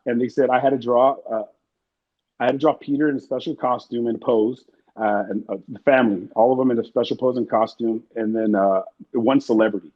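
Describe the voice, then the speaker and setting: Fast-talking husky man telling stories. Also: mid-range voice, steady tone. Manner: rambling, profane, acts out quotes. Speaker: interview guest. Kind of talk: casual storytelling. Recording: muffled lo-fi sound.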